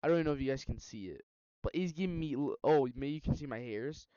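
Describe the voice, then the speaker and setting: A man's voice: medium pitch, animated, fast talker, warm tone, clear, resonant tone, no room sound. A young man reacting to a video, talking casually, laughing often and tripping over his words. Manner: laughs often, says bro, stutters on words. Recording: dull lo-fi sound.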